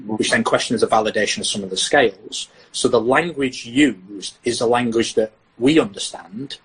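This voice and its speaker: A man's voice: mid-range voice, breathy edge, rough recording. A British man, a sports science lecturer, talking through research in a podcast interview and acting out what athletes and coaches say. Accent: British English. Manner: animated, acts out athletes' and coaches' lines.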